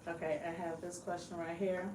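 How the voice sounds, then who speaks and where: A woman's voice: lowish voice, flat delivery, moderate pace, a little mellow, a little hiss or hum. Curious woman host asking prodding questions. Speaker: podcast host. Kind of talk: casual interview chat. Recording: echoey room, mic at a distance, voices behind.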